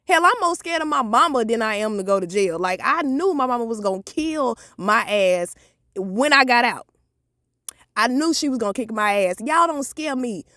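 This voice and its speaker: A woman, telling a profane, animated story in a vlog. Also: a little high, normal speed, dry recording, clean studio sound. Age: 30s. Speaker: vlogger.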